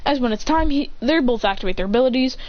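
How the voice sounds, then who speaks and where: A young woman casually telling a fan story with restarts, slipping into quick character voices, on a dull lo-fi recording. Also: high-pitched, lively intonation, darkish tone.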